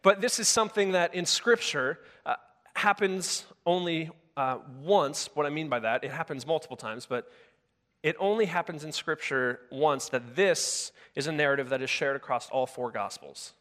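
A man's voice: a little high, normal speed, a bit bright. A male pastor delivering a sermon in a conversational way, often restarting his sentences and using filler words. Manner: conversational with frequent filler words and self-corrections. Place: church sanctuary with a live congregation. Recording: long hall reverb.

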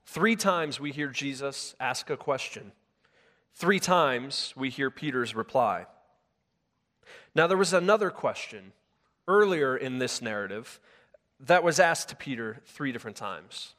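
A man's voice: medium pitch, expressive, unhurried, a bit bright. Man preaching in an echoing sanctuary. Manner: conversational with frequent filler words and self-corrections. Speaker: pastor. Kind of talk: sermon. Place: church sanctuary with a live congregation. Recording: long hall reverb.

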